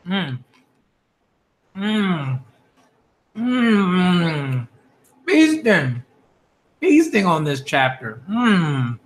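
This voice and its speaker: A man giving live reaction commentary as a manga critic, excitable and slangy, gushing over what he reads. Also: sits high, extremely slow, pauses often.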